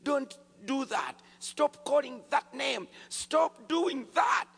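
A man voicing a demon that shouts and pleads not to be cast out, drawing out each word slowly. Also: very high voice, lively intonation, creaky, pitched above the performer's own voice, full character voice. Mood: pleading, desperate. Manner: slow, loud, pleading shouts. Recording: long hall reverb.

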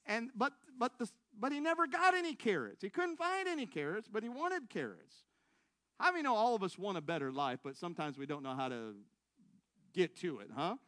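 A man's voice: high voice, a bit bright, dry recording. A man giving a sermon testimony in a church, telling a story, acting out his own thoughts and calling out to the congregation for responses.

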